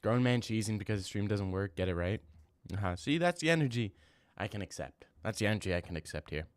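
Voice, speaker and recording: A man's voice: fairly low pitch, lively intonation, fast, smooth, dry recording. A young man livestreaming, chatting casually with his viewers and trash-talking them in slangy, rambling bursts. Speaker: livestreamer reading chat. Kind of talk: casual live-stream chat.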